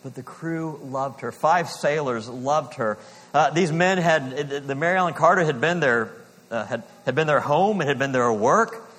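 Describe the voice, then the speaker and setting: A man delivers a sermon from the pulpit, earnest and deliberate. His voice sits a little above the usual male range, and he slows down or sinks to a near-hush on the lines he wants to land. A long hall reverb rings after his words. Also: a little high. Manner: earnest preaching, slows for emphasis, drops to a hush on key lines. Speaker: pastor.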